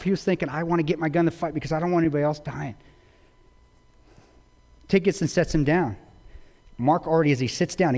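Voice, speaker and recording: A man's voice: on the high side, a little mellow. A man giving a public talk, retelling a story intensely with quoted dialogue. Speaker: guest speaker. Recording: long reverb of a large hall.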